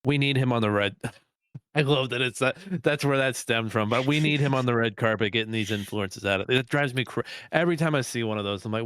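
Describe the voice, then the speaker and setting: A man's voice: medium pitch, a little fast, fairly bright tone, clear, resonant tone, no echo, studio quality. A young man co-hosting a podcast in casual chat, joking, laughing often and swearing casually. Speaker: podcast co-host.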